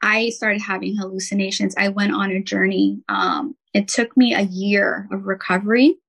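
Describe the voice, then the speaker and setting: A woman's voice: medium pitch, animated, normal speed, gravelly, a bit bright, rough recording. A woman, a podcast guest who works as a nurse and healer, telling a personal story in an earnest, heartfelt way with many "um"s and "like"s.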